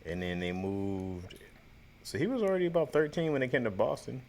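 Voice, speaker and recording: Lively-voiced joking man co-host. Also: mid-range voice, a little fast. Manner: joking, laughs often, slangy banter. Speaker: podcast co-host. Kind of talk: casual chat.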